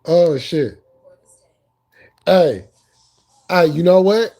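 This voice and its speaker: Giggly, mellow-voiced man streaming live. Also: sits high, lively intonation, measured pace, pauses often. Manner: laughs constantly, loose and profane banter; repeats phrases, talks to chat viewers by name. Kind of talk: casual live stream chat.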